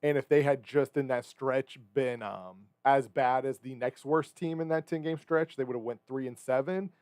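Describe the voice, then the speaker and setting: A man's voice: medium pitch, moderate pace, a little mellow, clear, resonant tone, dry recording, studio quality. A man co-hosting a sports talk radio show, joking and rambling as he corrects himself mid-sentence. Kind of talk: casual sports radio banter.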